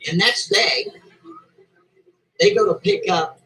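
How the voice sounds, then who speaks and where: Male storyteller, casual and rambling, animated high delivery. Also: slow pace, poor audio. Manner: rambling, asks listeners "right?" and "see?".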